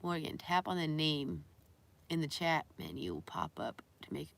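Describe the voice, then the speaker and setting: Low-voiced woman chatting on a live stream. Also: big pitch swings, normal speed, gravelly. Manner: chatty, reads viewer comments aloud, coos baby talk at her dog. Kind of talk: casual live-stream chat.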